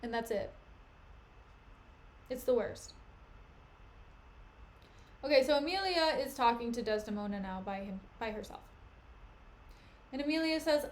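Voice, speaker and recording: A woman's voice: on the high side, a little slow, long pauses. A young woman streaming, reading a play aloud with chatty, casual commentary full of asides. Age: young adult. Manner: chatty, frequent "like", lively asides.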